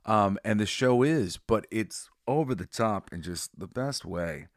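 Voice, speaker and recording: A man's voice: fairly low pitch, animated, measured pace, dry recording, studio quality. A man hosting a podcast, giving a rambling, profane, emotional review in casual chat. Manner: rambling, profane, with restarts and laughter. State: tearful. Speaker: podcast host. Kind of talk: casual enthusiastic review monologue.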